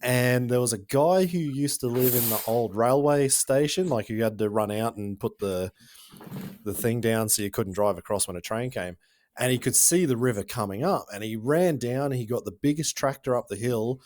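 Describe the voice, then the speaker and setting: A man with an Australian accent hosting a podcast, telling stories in a chatty, joking and animated way. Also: mid-range voice, moderate pace, no room sound. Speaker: podcast host. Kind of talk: casual chat.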